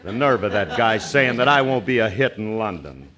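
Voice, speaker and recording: A man's voice: lowish voice, expressive, moderate pace, a crowd in the background. A man, wisecracking in a brash, folksy way in a 1940s radio comedy. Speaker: comedy show co-host. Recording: hissy old radio broadcast.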